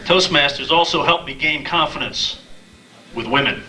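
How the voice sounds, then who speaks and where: Bright-voiced man telling stand-up stories. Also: fairly high pitch, normal speed, far from the mic, low-quality recording. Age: 30s. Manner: deadpan storytelling with acted-out quotes. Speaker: stand-up comedian. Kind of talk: stand-up comedy set. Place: small live comedy venue.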